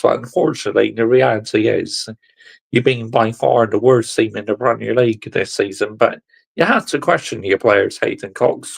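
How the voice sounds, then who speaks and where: Husky gravelly guy ranting about footy, sarcastic, keeps saying people. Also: medium pitch. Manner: exasperated, sarcastic, swears, keeps addressing "people". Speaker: football fan vlogger. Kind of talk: ranting fan vlog.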